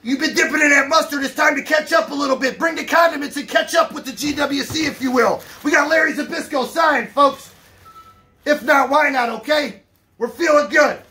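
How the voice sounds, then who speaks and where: Hype-man host, man, high bright voice, shouting through an unboxing with faint music behind. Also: fairly quick. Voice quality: loud hype-man delivery with catchphrases. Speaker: collector hosting an unboxing. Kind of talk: hyped unboxing vlog. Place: home collection room.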